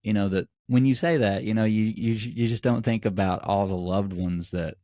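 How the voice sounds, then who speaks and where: Low-voiced encouraging male podcast host. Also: fairly even intonation, normal speed, warm tone, dry recording, clean studio sound. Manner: encouraging, supportive, many fillers. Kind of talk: casual interview chat.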